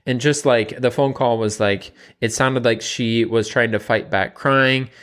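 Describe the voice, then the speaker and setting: A man's voice: medium pitch, fairly even intonation, measured pace, a bit bright. A man, a nutrition coach, telling a story in a casual monologue, rambling with many fillers and repeats.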